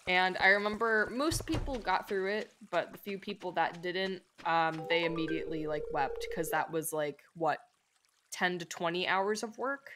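A young woman talks casually to her stream audience while she plays, rambling from thought to thought with plenty of "like"s and little laughs. Her voice sits a bit low for a woman. A faint hiss runs behind her desk-mic sound. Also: fairly bright tone. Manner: chatty and rambling, frequent "like" and laughs. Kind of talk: casual gameplay chat with viewers.

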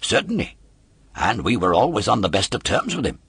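A man voicing a sly, greedy male polecat who bargains in a low, coaxing voice. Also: very animated, a little fast, fairly bright tone, slightly rough, dry recording, heavily acted.

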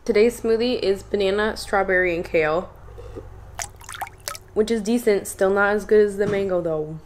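A woman's voice: medium pitch, moderate pace, a little hiss or hum. A young woman in college talking casually to her phone camera, chatty and upbeat, with lots of filler words. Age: young adult. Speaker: college student vlogger. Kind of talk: casual vlog talk to camera.

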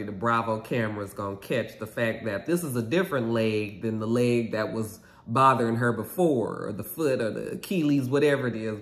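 A man giving a casual, animated recap of a reality TV episode, gossipy and sassy. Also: mid-range voice, echoey room.

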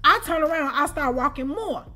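A woman with a high voice tells a personal story in a relaxed storytime chat. She is animated and keeps asking her listeners whether they follow her. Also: moderate pace. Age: adult with children. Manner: animated, keeps asking "you know what I'm saying?". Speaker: storytime channel host. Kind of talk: casual storytime.

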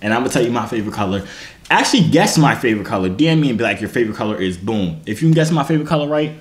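A young man vlogging in casual slang, animated and self-mocking as he jokes about himself. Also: medium pitch, rapid-fire, echoey room. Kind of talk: casual vlog chat.

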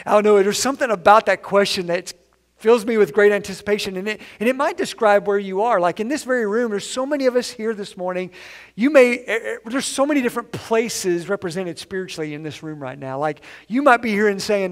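A male pastor with a notably high voice gives a lively, conversational sermon to a church congregation. He slips into the voices of the people he quotes, turning each one into a small acted moment. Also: a little fast. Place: church sanctuary.

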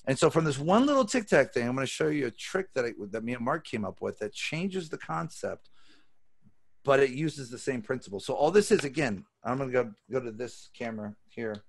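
A man with a gravelly, creaky voice lectures on magic over a video call. He tells his story casually and with animation, swearing freely as he goes. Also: medium pitch, animated, a little fast.

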